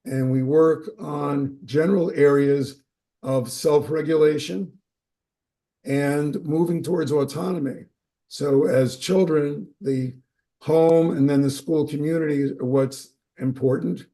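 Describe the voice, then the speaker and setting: A man speaking as an expert guest in a webinar, measured and steady with occasional fillers. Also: on the high side. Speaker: autism services expert. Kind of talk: webinar discussion.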